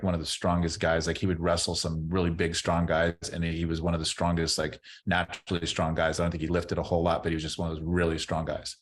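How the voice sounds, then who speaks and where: A middle-aged former ballplayer with a low voice chats loosely as a podcast guest in a casual interview. He rambles, repeating words as he restarts his sentences. A little hiss or hum runs under the recording.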